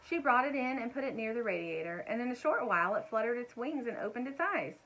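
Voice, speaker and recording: A woman's voice: on the high side, quick pace, rough recording. Woman reading a children's book aloud. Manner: gentle, expressive, with asides to young listeners. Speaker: storyteller.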